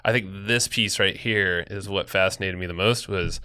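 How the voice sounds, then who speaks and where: Male podcast co-host, low pitch, bright crisp tone, loose rambling delivery. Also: moderate pace. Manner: rambling, loose, lots of restarts and fillers. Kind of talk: casual podcast chat.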